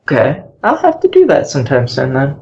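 A woman's voice: a bass voice, huge pitch swings, brisk, a little mellow, dull audio, slight background noise. A woman guesting on a podcast, playful, teasing and confident in casual chat.

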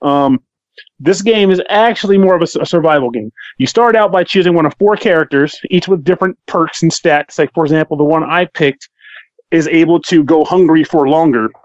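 A man's voice: fairly high pitch, fairly quick, no echo, lo-fi sound. Jokey man reviewing a game. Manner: jokey, talks straight to the viewer. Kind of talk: casual game commentary.

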